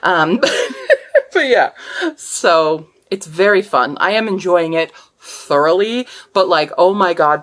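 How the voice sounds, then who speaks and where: A woman's voice: lowish voice, slow, fairly bright tone. A woman vlogger talking casually about her sewing project and the book she is reading. She rambles, often trailing off and starting over. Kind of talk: casual vlog chat.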